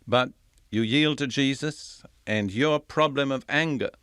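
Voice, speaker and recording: An older man delivers a recorded sermon, reading scripture with measured emphasis and then unpacking it. His voice sits at an ordinary middle pitch. The sound is close and dry, with no room around it. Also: vocal fry, a bit bright, no echo. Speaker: Bible teacher.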